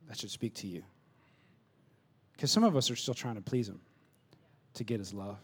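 A man preaching a conversational sermon, acting out little dialogues and swinging between loud bursts and hushed asides. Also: lowish voice, expressive, normal speed, breathy edge. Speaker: pastor.

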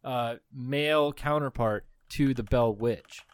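A man's voice: mid-range voice, takes it slowly, clear, resonant tone, no room sound. A man co-hosting a podcast in casual, profane, rambling chat, a little tipsy after two beers. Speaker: podcast co-host.

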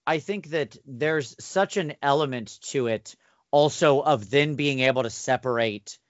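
Male GM co-host, measured and explanatory, mid voice, flat dull sound. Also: mid-range voice, no echo. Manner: thoughtful and explanatory, with restarts. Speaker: podcast co-host and game master. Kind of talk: casual chat about running tabletop games. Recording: dull dry recording.

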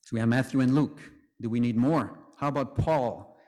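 A male preacher gives a sermon in an easy, conversational manner and slips in joking asides. His voice sits at a middle pitch. A long church reverb trails every phrase. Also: moderate pace, darkish tone.

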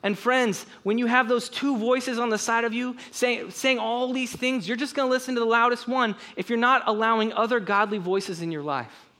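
A young man preaching a sermon, earnest and conversational, with quick casual asides. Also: very high-pitched, steady tone, pushed and bright. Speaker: pastor.

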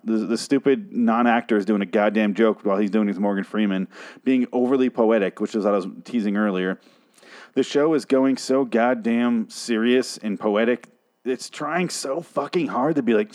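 A man's voice: fairly low pitch, brisk, darkish tone. A man recapping a TV episode in a rambling, sarcastic, heavily profane comedic style. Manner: rambling, sarcastic, swears a lot. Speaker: podcast host recapping a TV episode.

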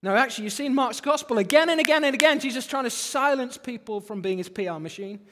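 High-voiced preacher in a hall. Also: male voice, fast talker. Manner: animated, rising and falling emphasis, repeats phrases for effect. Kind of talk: sermon. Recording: long hall reverb.

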